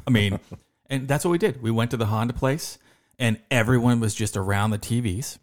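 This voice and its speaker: A man's voice: medium pitch, moderate pace, dry recording, clean studio sound. A man hosting a podcast, telling a story in a casual way and acting out the voices of the people in it. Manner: lively storyteller who acts out quoted voices. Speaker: podcast host.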